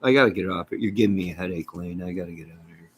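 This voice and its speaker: A man hosting his own channel, chatting casually to his viewers on a live stream in an excitable, folksy, rambling way. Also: sits low, racing, a little hiss or hum, rough recording. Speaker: channel host.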